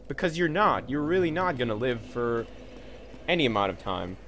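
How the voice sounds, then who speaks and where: A man playing a video game and commenting, excitable and swearing, trash-talking the enemies. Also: mid-range voice, normal speed, a little hiss or hum. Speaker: gaming video host. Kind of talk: let's play commentary.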